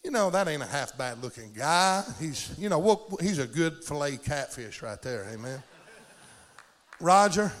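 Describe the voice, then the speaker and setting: Man, preacher, high-pitched, swooping delivery, exuberant, ringing hall reverb. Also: very animated, a little slow. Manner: exuberant, calls for amens, shouts bursts of praise. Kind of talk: animated sermon.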